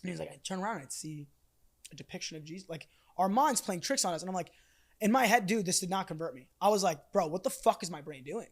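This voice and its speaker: A man's voice: sits high, lively intonation, fast, vocal fry. A young man guesting on a podcast, telling a story casually and animatedly, with swearing and lots of fillers.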